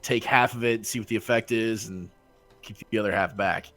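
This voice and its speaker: A man's voice: fairly low pitch, fairly even intonation, a little fast, fairly bright tone, soft background music. A man playing in an online tabletop game, casual and joking, with many fillers. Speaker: player. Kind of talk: casual tabletop play over voice chat.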